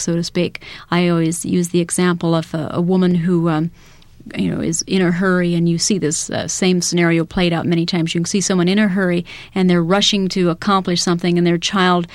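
A woman's voice: lowish voice, flat delivery, a little fast, no echo. A woman who works with parents, explaining ideas through everyday scenarios. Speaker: parenting educator.

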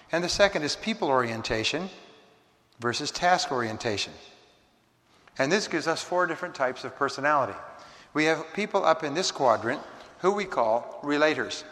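A man's voice: medium pitch, sharp tone. Man lecturing in a reverberant hall. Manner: measured, emphatic lecturing with dramatic slowdowns. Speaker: seminar speaker. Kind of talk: motivational seminar talk.

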